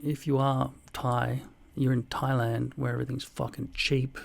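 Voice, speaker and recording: A man in his forties reading out viewer comments and answering them in a dry, deadpan way, with plenty of swearing. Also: mid-range voice, normal speed, gravelly. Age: 40s. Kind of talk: casual comment-reply vlog.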